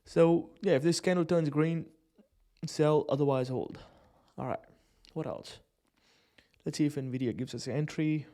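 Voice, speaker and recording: A man's voice: fairly high pitch, fairly even intonation, measured pace, mellow. A man giving casual live commentary on a day-trading stream, swearing, using slang and laughing often as he talks through charts.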